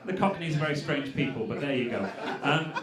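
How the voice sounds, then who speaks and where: A man's voice: on the high side, expressive, fairly quick. A male comedian and freestyle rapper working the crowd on stage, talking in a wry, chatty way with a laugh in his voice. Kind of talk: stand-up crowd work. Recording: roomy live venue with crowd. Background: audience voices.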